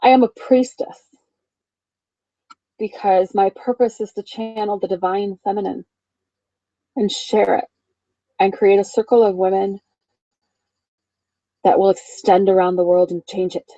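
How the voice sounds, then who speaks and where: A woman's voice: medium pitch, level tone, measured pace, long pauses, mellow, no echo, muffled recording. A woman in her thirties giving an emphatic, freely swearing motivational talk as a spiritual coach, laughing often.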